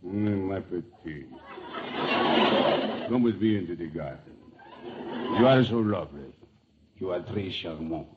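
Guy hamming up a french lover, super deep n slow, crooning, hissy old radio. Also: animated. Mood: seductive. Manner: breathy crooning, slow and seductive. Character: suave French male screen lover, languid. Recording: lo-fi old radio broadcast with loud hiss.

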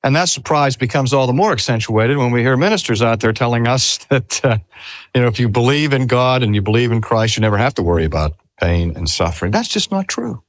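Older man preaching with lively pitch. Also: dry recording. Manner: earnest, drawn-out emphasis on key phrases, rhetorical questions. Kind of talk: sermon. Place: talk at a cancer hospital.

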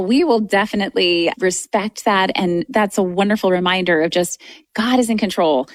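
A woman's voice: mid-range voice, no room sound, clean studio sound. A woman hosting a faith-based radio interview, speaking in a gracious, reverent manner. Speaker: radio show host.

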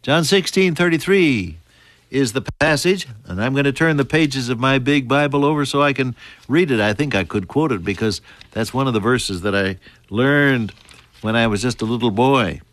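An older man preaching a sermon, earnest, dropping to a hush and then rising to emphatic peaks. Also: mid-range voice, moderate pace, no echo.

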